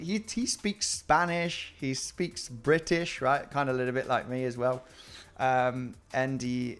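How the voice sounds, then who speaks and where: Chatty man giving crypto market commentary. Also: mid-range voice. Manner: chatty, calls viewers guys, repeats words. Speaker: crypto trading streamer. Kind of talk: casual live-stream market commentary.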